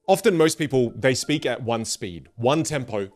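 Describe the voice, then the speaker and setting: A man gives a motivational lesson on speaking clearly, his pitch rising and falling in lively swings. He slows down and pauses to make points land. Soft music plays faintly behind him. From grew up in a Vietnamese and Chinese culture. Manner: animated, demonstrates rambling and fast talk on purpose. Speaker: speaking coach.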